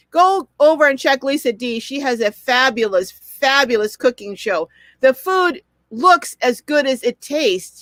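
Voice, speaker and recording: A woman's voice: fairly high pitch, no echo. An older woman hosting a live stream, reading viewer comments aloud and greeting each viewer with effusive chatter.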